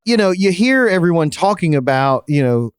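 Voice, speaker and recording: A man's voice: on the high side, sing-song, normal speed, smooth, dry recording, studio quality. A man co-hosting a podcast in casual chat, talking with a slight lisp, laughing often and restarting his sentences. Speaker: podcast co-host.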